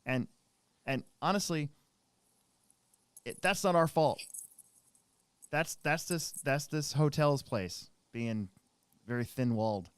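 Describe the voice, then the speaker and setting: Rambling animated man telling a story. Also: a little high, takes it slowly, long pauses, clean tone, dry recording. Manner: rambling, animated anecdote with many restarts. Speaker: podcast co-host. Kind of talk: casual storytelling chat.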